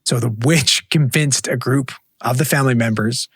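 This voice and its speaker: A man's voice: mid-range voice, moderate pace, slightly rough, dry recording. Dry-sounding man retelling a ghost story. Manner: relaxed, swears casually while retelling the story. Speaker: podcast co-host. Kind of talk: casual storytelling chat.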